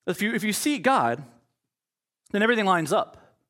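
Slightly high-voiced male pastor preaching. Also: sing-song, moderate pace, fairly bright tone. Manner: conversational storytelling, acts out quoted voices. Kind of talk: sermon.

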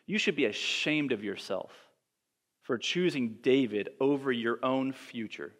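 A furious, jealous old king who berates his own son, as a preacher reads him out in a sermon. The voice sits fairly high and he bellows his scolding. The sound rings with the long echo of a church hall. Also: a bit bright, natural voice.

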